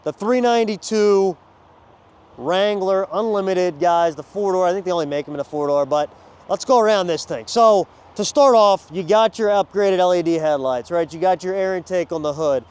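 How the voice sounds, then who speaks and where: A man showing off vehicles on a dealership lot outdoors, talking to viewers in a casual, energetic walkaround. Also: sits high, moderate pace, clear, resonant tone. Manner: energetic, chatty, addresses viewers as guys. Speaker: car salesman at a dealership.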